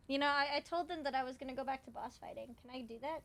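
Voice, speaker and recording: A woman's voice: high-pitched, fast, few pauses, fairly bright tone. A young woman streaming live, chatting casually with viewers and cooing baby talk at her cat.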